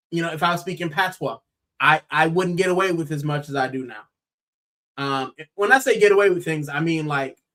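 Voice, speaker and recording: Animated American man, bright voice. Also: on the high side. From United States. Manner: animated, exclaiming, says bro often. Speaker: podcast co-host. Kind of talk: casual football chat.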